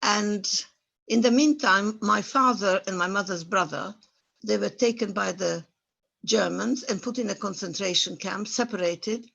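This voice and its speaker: A woman in her eighties from the former Yugoslavia gives personal testimony about her wartime experience as a Holocaust survivor guest speaker at an online talk. Her voice is medium-pitched, creaky, husky, and a bit bright, and she speaks unhurriedly. Searching for words in non-native English, she becomes stirred up as the memories return.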